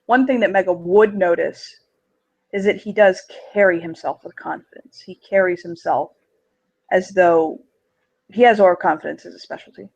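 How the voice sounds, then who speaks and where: A game master narrating a tabletop game, giving halting, filler-heavy descriptions of scenes and characters. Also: mid-range voice, creaky, a little mellow, highs cut off.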